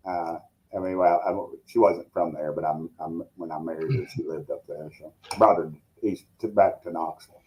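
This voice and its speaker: A man's voice: rumbling low, steady tone, normal speed, a little mellow, a little hiss or hum, rough recording. A man with a Tennessee accent, talking as a guest in a casual interview and telling folksy, rambling stories. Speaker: congressman guest.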